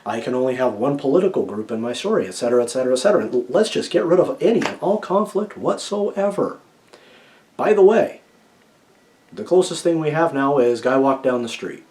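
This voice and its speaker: A man giving casual, opinionated writing advice to camera, keeps checking in with "okay?", swinging between loud emphasis and quiet asides. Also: medium pitch, expressive, fairly quick.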